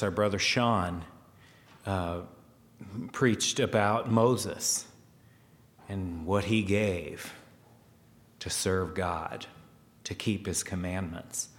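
A man preaching a sermon, slow and hesitant, with fillers and restarts, growing louder as he reads scripture aloud. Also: sits low, big-room sound.

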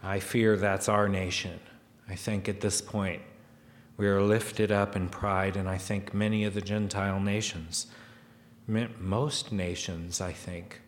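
A man preaching a sermon, slow and hesitant, with fillers and restarts, growing louder as he reads scripture aloud. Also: low-pitched, level tone, big-room sound.

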